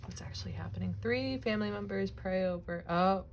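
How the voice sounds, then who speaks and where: A young woman chatting casually while cutting images from a magazine, rambling, laughing often, swearing lightly and now and then dropping to a soft whisper. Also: medium pitch, brisk, a little hiss or hum. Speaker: crafting vlogger. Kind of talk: casual chatty crafting vlog.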